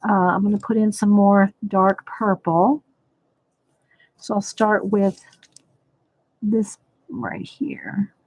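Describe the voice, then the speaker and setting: A woman's voice: mid-range voice, flat delivery, slow, long pauses, darkish tone, dry recording. Chatty woman hosting a live coloring stream. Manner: chatty, thinks aloud, greets viewers by name. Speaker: livestream host demonstrating coloring. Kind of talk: casual live coloring tutorial.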